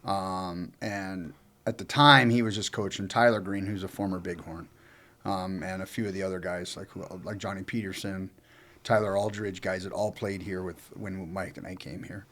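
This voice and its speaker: A man with a fairly low voice tells a long personal story in a casual, unscripted chat. He rambles and swears freely, loses his place and circles back with plenty of ums and restarts. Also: fairly even intonation, moderate pace, a bit bright. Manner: rambling and profane, with many fillers and restarts. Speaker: co-host telling his own story.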